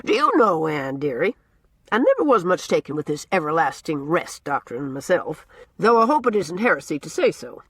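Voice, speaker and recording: A woman voicing a brisk, outspoken older village woman with blunt, gossipy opinions. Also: deep voice, very animated, fairly bright tone, husky, no echo, exaggerated voice. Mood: musing.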